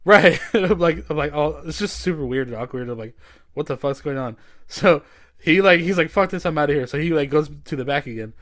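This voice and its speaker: A man's voice: on the high side, expressive, brisk, fairly bright tone, no room sound. Casual male podcast host, rambling storyteller, swears freely, dry close sound.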